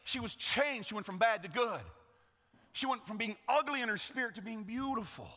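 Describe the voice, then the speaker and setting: A man's voice: very high voice, normal speed, sharp tone. A man, a pastor, preaching a sermon, telling a story dramatically and calling out for the congregation's response. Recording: echoey hall.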